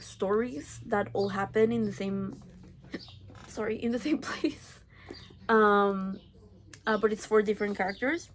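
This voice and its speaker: Chatty young woman, slightly high voice. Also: slight background noise. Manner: chatty, rambling, with many fillers and self-corrections. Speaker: book vlogger. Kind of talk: casual book review chat.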